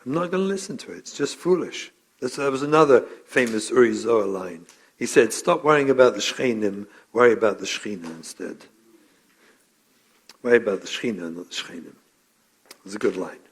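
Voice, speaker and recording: A man's voice: lowish voice, fairly quick, husky. A middle-aged man, a rabbi and parenting educator, gives a live training lecture, telling stories with acted-out quotes and Yiddish and Hebrew terms. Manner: animated storytelling, acts out quotes, mixes Yiddish and Hebrew terms.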